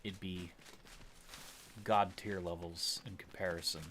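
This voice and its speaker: A man's voice: sits low, little pitch movement, measured pace, a bit bright, slight background noise. A man streaming a game, chatting casually and rambling enthusiastically as he plays. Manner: rambling, enthusiastic, musing aloud. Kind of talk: casual gameplay commentary.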